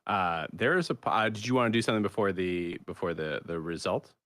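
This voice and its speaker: A man running a tabletop game as game master who gives low-key, brief replies. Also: lively intonation, fast talker, a bit bright, no room sound.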